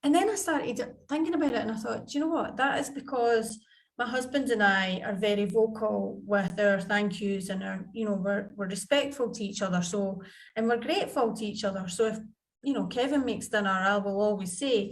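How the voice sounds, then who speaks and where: A woman's voice: medium pitch, a little fast, creaky. A woman, telling parenting stories in a chatty, anecdotal way on a video call. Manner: chatty, anecdotal, acts out family dialogue. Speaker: podcast guest, parenting coach. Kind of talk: conversational interview.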